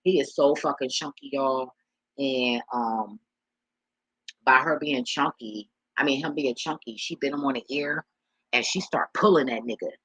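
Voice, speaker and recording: Woman vlogger, rambling and profane, bright husky voice, dry close sound. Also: rumbling low, measured pace, dry recording, poor audio. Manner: loose and profane, rambling with many restarts; talks straight to her viewers as y'all. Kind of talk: casual rambling monologue to viewers.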